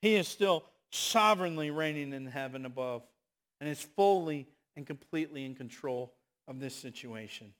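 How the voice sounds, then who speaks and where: A man preaching a sermon, moving between loud, impassioned exhortation and hushed, quiet asides. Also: fairly high pitch, lively intonation, moderate pace.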